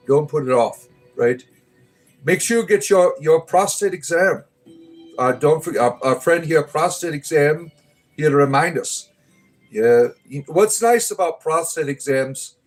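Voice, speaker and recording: A middle-aged man hosting a casual livestream, rambling and chatting with viewers as he answers their comments. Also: on the high side. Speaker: livestream host.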